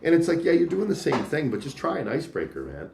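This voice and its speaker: A man in his thirties from Canada, a sales leader telling stories in a casual interview, animated and acting out quoted voices. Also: fairly high pitch, fast talker, gravelly, echoey room, background noise. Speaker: podcast guest, sales leader.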